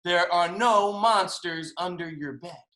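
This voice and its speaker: A man voicing a playful, overeager octopus who speaks slowly and coaxingly. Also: high-pitched, sharp tone, pitched above the performer's own voice. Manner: slow, drawn-out, coaxing. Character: overeager playful male octopus, slow and cheerful. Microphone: video call. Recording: roomy video call audio.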